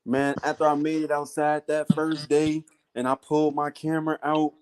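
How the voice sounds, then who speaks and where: A man's voice: normal speed, clean tone. A man on a podcast casually telling a story in slang, calling his listeners "bro". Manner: animated storytelling with slang, often acting out high-pitched voices. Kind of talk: casual chat.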